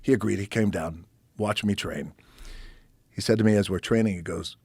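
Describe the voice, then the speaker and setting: A gravelly, husky man spins a story as a podcast guest, cursing freely and playing the people he quotes. His fairly low voice is recorded dry and close, and it sometimes sinks to a whisper. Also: moderate pace, dry recording. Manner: animated, swears freely, acts out quoted people, drops to a whisper. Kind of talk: casual storytelling.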